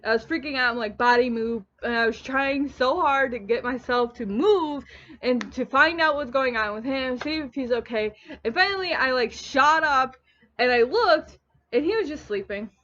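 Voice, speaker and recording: A young woman telling a story in a casual home vlog, rambling and animated, often stopping herself mid-sentence. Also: high voice, moderate pace. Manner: rambling, animated, self-interrupting. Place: at home on a couch. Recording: dull lo-fi home recording.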